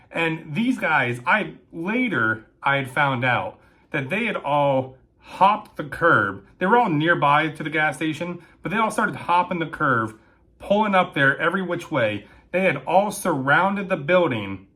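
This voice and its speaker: A man telling a comic story about his days as a military police dispatcher, acting out the lines with sudden shouts and asides. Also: a little high. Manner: animated, acts out quotes with shouting and asides. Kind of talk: comedic storytelling.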